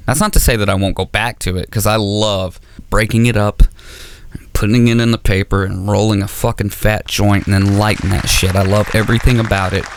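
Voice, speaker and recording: A man doing a stand-up comedy set on stage, rambling and self-deprecating with dark humor. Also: lowish voice, flat delivery, brisk, smooth.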